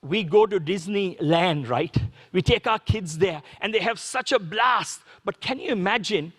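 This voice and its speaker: A Sri Lankan pastor preaches a sermon in a voice notably high for a man, fairly bright and slightly rough, with lively intonation and a little slow. He addresses the congregation conversationally, repeatedly posing rhetorical questions, and his words ring with long reverb in a church hall.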